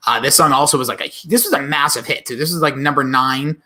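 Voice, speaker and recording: A man co-hosting a podcast, rambling and chatty in casual conversation, quick to laugh. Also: medium pitch, pushed and bright. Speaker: podcast co-host. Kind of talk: casual chat.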